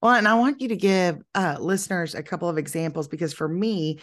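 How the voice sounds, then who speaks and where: A woman's voice: on the low side, a little fast. A woman hosting a podcast interview, earnest and encouraging, sometimes drawing out her words. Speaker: podcast host.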